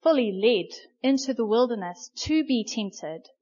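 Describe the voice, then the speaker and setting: A woman gives a sermon in a lively, chatty storytelling style, her fairly high voice often halting on little fillers. As a preacher, she comes across through a muffled, low-fidelity recording.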